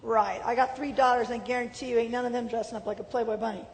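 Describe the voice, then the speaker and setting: Middle-aged woman telling her story, emotional, bit of a high voice, faint rumbly background. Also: fairly even intonation, fast talker. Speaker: speaker giving testimony. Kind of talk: personal testimony talk. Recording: hall reverb with faint rumble.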